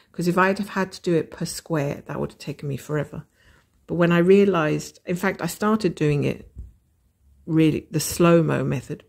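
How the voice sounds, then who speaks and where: A woman's voice: low-pitched, vocal fry, darkish tone. A woman with a Scottish accent hosting a casual stitch-along chat, thinking aloud and weighing her options. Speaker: host of a cross-stitch channel.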